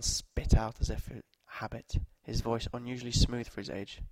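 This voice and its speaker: A man narrating short stories aloud at a measured, steady pace. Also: mid-range voice, creaky, dry recording.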